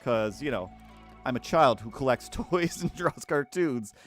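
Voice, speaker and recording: A man's voice: medium pitch, lively intonation, measured pace, faint music behind. Cartoonist guy rambling on a drawing stream, lots of ums, chuckles at himself. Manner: rambling and chatty, with many fillers and self-amused laughs. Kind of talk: casual live-stream chat while drawing.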